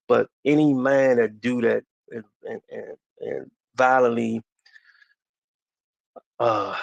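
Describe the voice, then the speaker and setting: A man in his forties from the DC area, a podcast guest telling a personal story slowly and haltingly, with many restarts. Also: on the low side, gravelly, no room sound. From DMV area, US.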